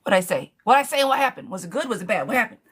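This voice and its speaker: A woman's voice: a little high, expressive, rapid-fire, a bit bright, slight background noise. A woman giving a chatty live tarot reading, calling viewers darling and girl as she answers their questions. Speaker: tarot reader.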